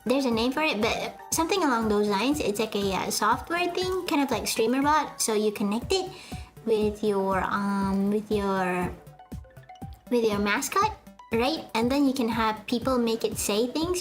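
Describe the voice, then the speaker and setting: A young woman streaming, chatting casually with viewers in a rambling, self-mocking way, full of fillers and restarts. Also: on the high side. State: sweaty. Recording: faint music behind.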